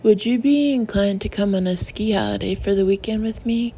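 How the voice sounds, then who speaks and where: A man's voice: sits high, brisk, dark tone, husky, lo-fi sound. A woman reading the lines of a flirtatious British man, delivered with dry, teasing banter.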